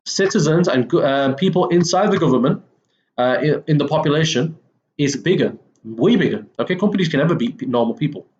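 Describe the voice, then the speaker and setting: A man's voice: a little high, a little mellow, highs cut off, slight background noise. A man walking students through a textbook English lesson in a casual way, with many fillers and self-corrections. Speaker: English teacher. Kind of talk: recorded textbook lesson walkthrough.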